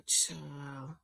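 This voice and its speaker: A woman's voice: mid-range voice, creaky, husky, dry recording. A woman hosting a gossip commentary show, exasperated and scolding, stammering and repeating herself as she rants. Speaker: host.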